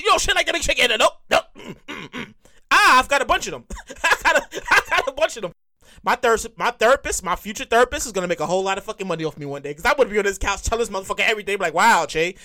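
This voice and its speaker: A man hosting a solo comedy podcast, telling profane stories with frequent shouted outbursts. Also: very high voice, dry recording, clean studio sound. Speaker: podcast host.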